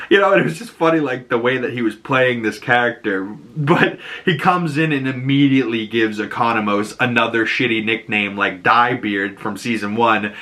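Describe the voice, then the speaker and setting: Bright-voiced man with a Boston accent. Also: medium pitch. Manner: animated, laughs often, acts out quotes. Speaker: TV episode reviewer. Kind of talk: casual recap and reaction.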